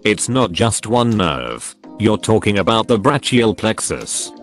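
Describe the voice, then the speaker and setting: A man narrating online posts in a flat, evenly paced scripted read. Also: fairly low pitch, a little slow. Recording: faint music behind.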